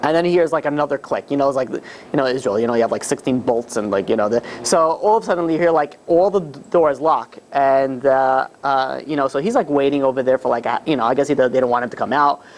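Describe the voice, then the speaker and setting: A man, a rabbi, telling a story to a live group in a casual, animated way, with many fillers and restarts. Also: medium pitch, fast, slight background noise. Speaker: rabbi teaching a class.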